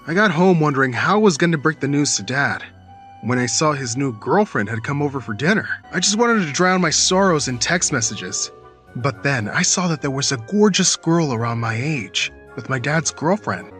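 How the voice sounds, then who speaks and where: A man narrates a first-person storytime tale in a fairly high, animated voice. He tells it dramatically and breaks into shouted lines, with faint music playing behind him. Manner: dramatic, bursts into shouted quotes.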